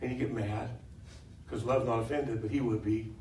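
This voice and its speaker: A man preaching a sermon in a church, telling humorous stories in a conversational way and building to loud, emphatic points. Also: medium pitch, fairly even intonation, normal speed, slight background noise. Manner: conversational storytelling, swelling to loud laughing emphasis. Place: church sanctuary with congregation. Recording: echoey live church recording from a distance.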